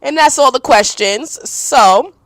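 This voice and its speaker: A young adult woman talks bluntly through listener questions on her own podcast, casual and profane, apologizing in a rush when she thinks she has gone too far. Her voice sits a little high. The sound is dry and close. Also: animated, slow, no room sound. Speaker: podcast host.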